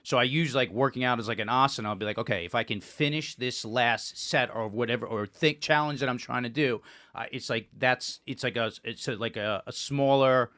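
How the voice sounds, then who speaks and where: A man's voice: mid-range voice, brisk, sharp tone, no echo, clean studio sound. A young man co-hosting a podcast, explaining things in a rambling way and swearing casually. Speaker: podcast co-host.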